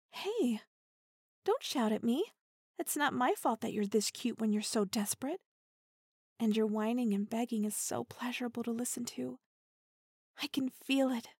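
An actress voices a playful, dominant young woman in an intimate audio role-play, speaking in a slightly high, breathy voice. She teases slowly, giggles often, and slips into soft half-whispers close to the mic, with a dry sound and no echo.

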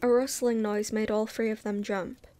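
A woman reading a novel aloud casually, relaxed and unpolished, sometimes stopping to comment. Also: mid-range voice, moderate pace. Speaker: reader.

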